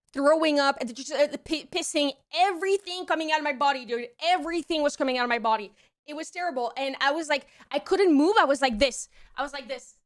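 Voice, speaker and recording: A young woman with a high voice, streaming from her desk mic and telling her chat a story in a loose, casual way. She swears a lot, trips over her own words and restarts often, and her delivery stays animated throughout. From Canada.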